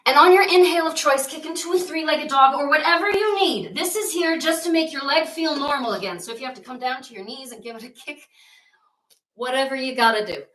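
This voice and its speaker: A woman's voice: high-pitched, a little fast, fairly bright tone, roomy sound, far from the mic, low-quality recording. A woman leading a guided yoga class and telling a myth along the way, with playful, jokey asides. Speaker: yoga teacher.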